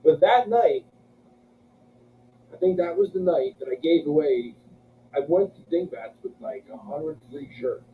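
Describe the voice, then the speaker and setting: A man, an interview guest, telling a story in a casual, animated, profane way and acting out what people said. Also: a little slow, long pauses. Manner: animated, profane, acts out quotes in a higher voice. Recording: tinny distant lo-fi recording with faint noise.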